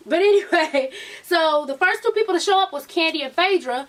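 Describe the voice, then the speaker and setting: A high-voiced woman gossips through a reality show recap, her pitch leaping all over as she acts out each cast member. She sounds a little distant from the microphone, like she's sitting back from a home setup. Her talk is loose, profane and full of sass. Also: animated, brisk. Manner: sassy, profane, laughing, acts out the cast's lines. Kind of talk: casual recap chat.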